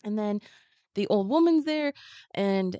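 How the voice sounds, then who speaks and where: Animated woman retelling a picture book. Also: mid-range voice, no room sound, lo-fi sound. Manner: animated, acts out characters' lines in quick asides. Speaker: guest.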